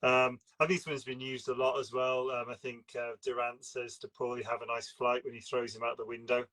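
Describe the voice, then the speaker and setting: Brief: man, bright voice, chatty film chat, laughs a lot. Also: medium pitch, little pitch movement, fairly quick, rough recording. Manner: chatty, apologetic, laughs often. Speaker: podcast co-host.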